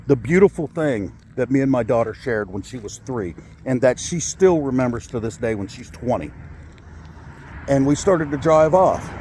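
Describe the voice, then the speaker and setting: A man's voice: medium pitch, a little mellow, a little hiss or hum. A man in his forties telling a personal story in a vlog, angry and upset, swearing and rambling with many fillers. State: upset, shaky with anger. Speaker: vlogger. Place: in a car.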